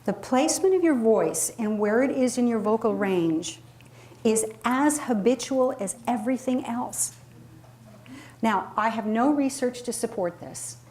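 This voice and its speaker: A woman coaching a live group on voice, speaking energetically and dropping into sudden high and low demonstration voices. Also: unhurried, darkish tone. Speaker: voice and presentation coach. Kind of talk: workshop talk to a live audience.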